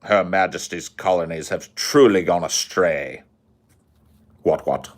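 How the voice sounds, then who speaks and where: A man putting on a mock posh English accent, playing a pompous upper-class British gentleman host with a haughty, blustering manner. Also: sits low, unhurried, voice pushed down. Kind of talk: comedic impression.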